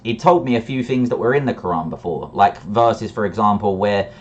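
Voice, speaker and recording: Man, lowish voice, personal storytelling, reflective, candid, restarts sentences, muffled lo-fi sound. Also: animated, fairly quick. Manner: reflective and candid, with frequent restarts and brief laughs.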